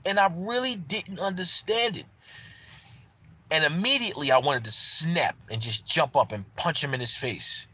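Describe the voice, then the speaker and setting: A man's voice: a little high, lively intonation, normal speed, sharp tone, breathy edge. A man giving a casual personal testimony in an earnest way, repeating phrases for emphasis. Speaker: parent sharing a personal testimony.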